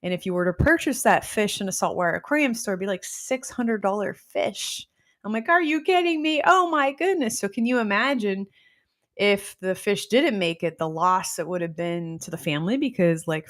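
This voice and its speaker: A woman hosting a casual live stream, telling stories in an excitable, bubbly way and greeting viewers as she goes. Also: medium pitch. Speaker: host teaching nutrition testing.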